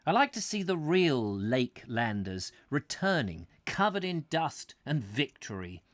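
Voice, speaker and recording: A man hosting a live book reading, going through the text in measured tones and adding wry asides of his own. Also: mid-range voice, very animated, dry recording. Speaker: host reading a book aloud.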